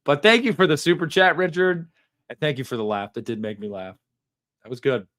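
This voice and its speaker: A man hosting a live stream, reading viewer donations aloud and chatting about them in a relaxed, rambling way full of slang and fillers. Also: fairly high pitch, fairly quick. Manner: chatty, laid-back, lots of fillers and slang. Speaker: livestream host reading super chats. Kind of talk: casual live stream chat.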